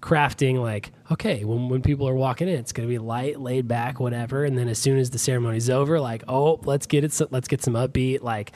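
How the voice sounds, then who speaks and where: A man's voice: mid-range voice, fairly even intonation, a little mellow. Rambling young man on a podcast. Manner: rambling, self-deprecating, quick asides. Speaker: podcast guest, groom. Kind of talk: casual podcast chat.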